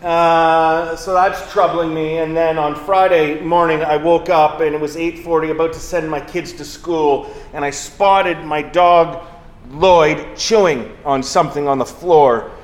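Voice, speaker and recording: A pastor preaching a sermon in a church, telling everyday stories in a conversational, self-mocking way. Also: male voice, a little high, steady tone, measured pace, echoey room.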